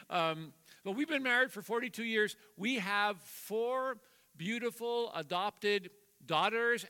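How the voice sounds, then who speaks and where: Older male preacher, 60s, high and very bright voice, jovial and self-mocking, reverberant church. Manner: jovial, self-deprecating, acts out quoted voices. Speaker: guest preacher. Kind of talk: sermon with family anecdotes. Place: church sanctuary. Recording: long hall reverb.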